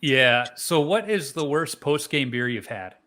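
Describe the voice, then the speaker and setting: A man hosts a podcast and asks questions casually. He is friendly and quick to affirm his guest. His tone is bright and forward. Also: mid-range voice, lively intonation. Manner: friendly, affirming interviewer, quick to laugh along. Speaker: podcast host. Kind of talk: casual interview chat.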